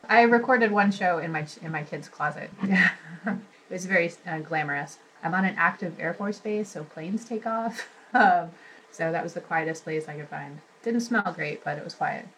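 A woman being interviewed, talking casually in a relaxed way with small hesitations. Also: fairly low pitch, moderate pace, rough recording.

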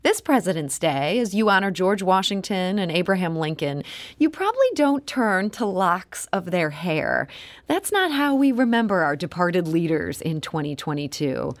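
Lively woman hosting a radio interview. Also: mid-range voice. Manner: friendly, laughs easily, scripted introductions. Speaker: radio show host.

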